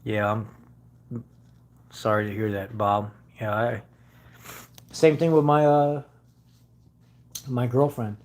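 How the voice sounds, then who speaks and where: A man's voice: lowish voice, steady tone, slow, long pauses, darkish tone, rough recording. A man hosting a car channel, chatting casually with viewers and telling stories earnestly, hesitating often with many fillers. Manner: earnest storytelling.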